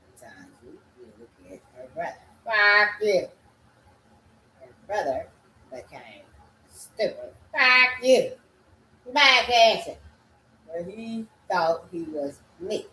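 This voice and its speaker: A woman talking in a rambling solo monologue, breaking into sing-song chants and sudden loud cursing outbursts. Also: lowish voice, lively intonation, takes it slowly, echoey room.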